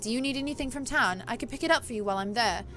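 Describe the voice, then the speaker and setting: A woman reading the lines of a gentle, hopeful young heroine in a visual novel, soft and earnest. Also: fairly high pitch, racing, soft background music, natural voice. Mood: polite.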